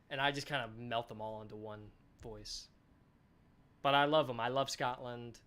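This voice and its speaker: A man hosts a game developer live stream in a loose, casual chat. He reads viewer comments aloud and answers them on the spot, chatty and enthusiastic. His voice sits at an ordinary mid-range pitch. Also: fast talker, a bit bright.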